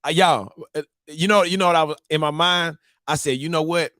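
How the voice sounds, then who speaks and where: A married man hosting a live-streamed morning show, telling a story to his viewers in a casual, animated, slang-filled way. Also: a little high, brisk, no room sound, clean studio sound. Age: adult, married.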